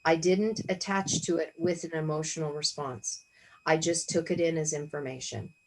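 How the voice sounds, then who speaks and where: Over a video call, a woman leads a Bible study in a low, steady voice at a moderate pace, with noisy surroundings. Her casual spiritual teaching is sincere and thoughtful, and she frequently asks herself questions out loud.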